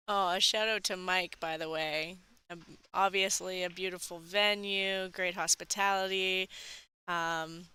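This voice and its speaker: Bright, clear-voiced woman commentating pool. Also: lowish voice. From not from the US South. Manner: chatty, laughs often, upbeat. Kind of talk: casual sports commentary.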